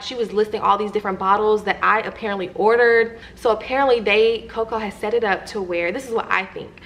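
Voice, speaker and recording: A woman's voice: mid-range voice, brisk, few pauses. Chatty young woman telling a story. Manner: animated, chatty storytelling that addresses viewers directly. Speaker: vlogger. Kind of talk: storytime vlog, telling a personal story to viewers.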